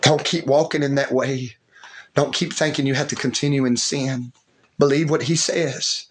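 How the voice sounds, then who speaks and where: A man's voice: on the high side, fairly even intonation, normal speed. A man preaching a fervent sermon, repeating himself and throwing in call-and-response asides to the congregation.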